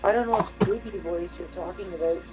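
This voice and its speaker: A woman's voice: on the low side, quick pace. A woman speaks in a sassy, sing-song way on a panel chat. Faint music plays behind her.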